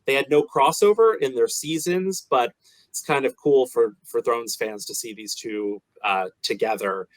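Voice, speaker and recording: A man's voice: mid-range voice, moderate pace, dry recording, low-quality recording. Dry-sounding male entertainment host. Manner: chatty, with frequent fillers. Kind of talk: entertainment interview and show narration.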